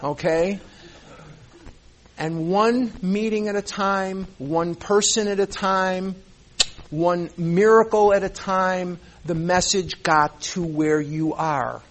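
High-voiced man giving an emotional talk. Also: slow. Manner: earnest, repeats phrases for emphasis; emotional, close to tears. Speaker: recovery meeting speaker. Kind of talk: impassioned speech to a meeting.

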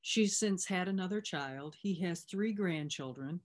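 A woman with a fairly low speaking voice tells a personal story as a recovery sponsor. She talks conversationally, with the odd filler and restart. She retells whole conversations in quoted lines, switching between what she said and what the other person said. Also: unhurried.

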